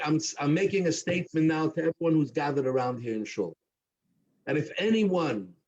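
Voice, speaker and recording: A man telling a story at a Havdalah gathering, animating the characters with a husky voice. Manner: animated, voicing characters with rising pitch. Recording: dull lo-fi recording.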